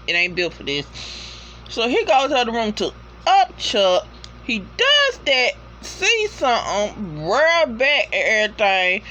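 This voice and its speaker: A woman's voice: medium pitch, a little hiss or hum. A woman giving a casual, slangy, profane recap of a TV episode, acting out the characters' reactions as she tells it. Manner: animated storyteller, slangy and profane, acts out reactions. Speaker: TV episode reviewer.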